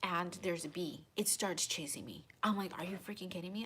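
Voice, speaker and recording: Woman vlogger, lowish voice, animated storyteller, faint hiss behind. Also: fairly quick, hardly any pauses. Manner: animated, dramatic retelling with many fillers. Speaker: tarot channel host. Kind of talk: casual storytelling to viewers.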